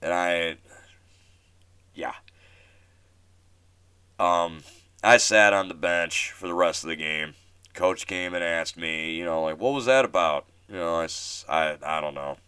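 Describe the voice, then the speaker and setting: A man's voice: deep voice, steady tone, takes it slowly, pauses often, sharp tone, clean tone, no echo. A man in his twenties hosting a podcast, telling a casual story with many restarts and fillers in a self-deprecating way. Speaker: podcast host.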